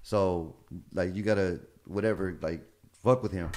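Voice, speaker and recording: A comedian guest with a lowish voice tells casual stories at a moderate pace. He's animated, swears freely, and acts out the quoted dialogue.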